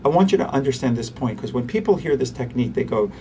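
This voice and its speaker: A man, a pediatrician, giving an interview and explaining parenting techniques in an animated way, acting out parents and kids. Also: mid-range voice, fast, recorded from a distance, slight background noise. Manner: animated, acts out parents and children.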